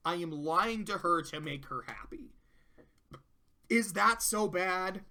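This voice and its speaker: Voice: mid-range voice, expressive, slow pace, pushed and bright. Rambling, profane cartoon reviewer. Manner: rambling, profane, laughing asides. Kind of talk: casual video commentary.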